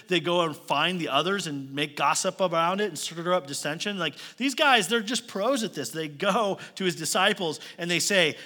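A man's voice: fairly high pitch, pushed and bright. A male pastor preaching a sermon in a church, conversational, with pointed rhetorical questions and light joking asides. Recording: long reverb of a large hall.

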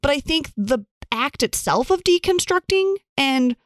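Animated earnest woman, dry close mic. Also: high-pitched, a little slow, no room sound. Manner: earnest, animated, many "like" fillers. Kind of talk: casual podcast chat.

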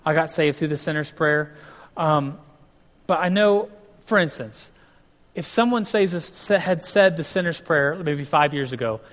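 At a measured pace and with a slightly high voice, a male pastor gives an informal, conversational sermon. He keeps restarting sentences and acts out what people say, and the room adds a long hall reverb.

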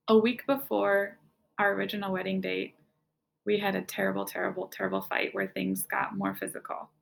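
A woman's voice: medium pitch, level tone, a little fast, creaky. A woman telling her personal story as an interview guest, in a casual, conversational way, often saying "like". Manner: casual, conversational, fills speech with "like".

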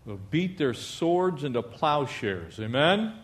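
A male pastor preaching a lively sermon, asking the congregation for amens and mixing in jokes. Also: fairly high pitch, slow.

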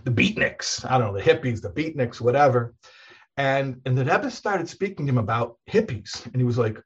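A man's voice: mid-range voice, expressive, a little fast, breathy edge, dull audio. A man, a rabbi, talking casually in a conversation, telling stories in a rambling way with many restarts and laughs.

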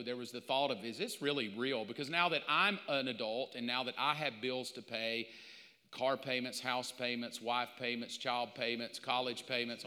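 A man preaching a sermon as pastor, telling stories with lively mock quotes. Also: mid-range voice, long reverb tail. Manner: animated storytelling with mock quotes.

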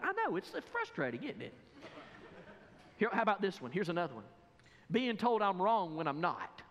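High-voiced man preaching in a reverberant hall. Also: moderate pace, pauses often. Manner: animated, rhetorical questions to the congregation. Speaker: pastor. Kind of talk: sermon.

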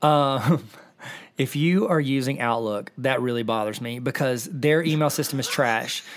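A man co-hosting a podcast in casual chat, joking and getting quickly worked up. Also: mid-range voice. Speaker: podcast co-host.

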